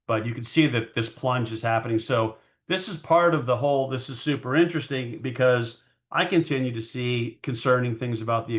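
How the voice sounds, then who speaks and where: A man's voice: mid-range voice, fairly bright tone. A male market analyst talks loosely through his charts in an everyday mid-range voice. He rambles and hedges, catches himself mid-sentence and restarts with plenty of fillers. The recording sounds a little dull and lo-fi. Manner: rambling, hedging, frequent fillers and self-corrections. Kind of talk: casual market commentary over charts.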